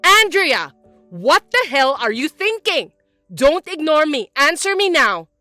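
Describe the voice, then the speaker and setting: A woman voicing a spiteful middle-aged mother-in-law who scolds and complains loudly in an animated text story. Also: high voice, normal speed, no echo, soft background music. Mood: scolding. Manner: accusing, loud, whiny.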